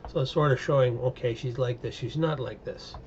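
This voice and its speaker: A man's voice: mid-range voice, fairly quick, muffled recording, slight background noise. A man giving a casual, opinionated recap and review of TV episodes, rambling with many fillers. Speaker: show reviewer.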